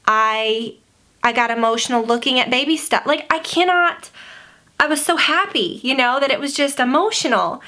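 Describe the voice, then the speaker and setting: A woman's voice: a little high, normal speed, bright, forceful tone. A young woman chatting casually to camera as a beauty vlogger, filling her talk with "like" and "you know.". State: pregnant.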